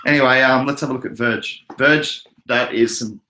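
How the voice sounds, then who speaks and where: A man's voice: mid-range voice, fairly even intonation, normal speed, pushed and bright. Aussie guy from queensland, laid-back chatty livestream host, sounds a bit roomy. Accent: Australian. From Queensland, Australia. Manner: laid-back, chatty, answers chat messages. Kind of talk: casual livestream chat. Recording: echoey room.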